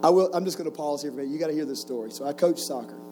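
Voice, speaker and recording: A man's voice: fairly high pitch, racing, music in the background, low-quality recording. A man in his forties preaching to a camp group, telling stories with jokes and rhetorical questions. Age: 40s. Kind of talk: sermon with stories.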